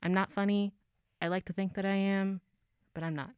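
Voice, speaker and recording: A woman's voice: mid-range voice, little pitch movement, normal speed, a little mellow, clear, resonant tone, no room sound. Chatty young woman hosting an open mic. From United States. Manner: chatty, self-deprecating storytelling. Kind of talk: casual chat.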